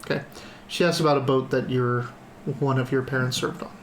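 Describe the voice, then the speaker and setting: A man's voice: medium pitch, steady tone, fairly quick, slight background noise. A man acting as game master, narrating the game in a casual, rambling way with lots of fillers. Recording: echoey room.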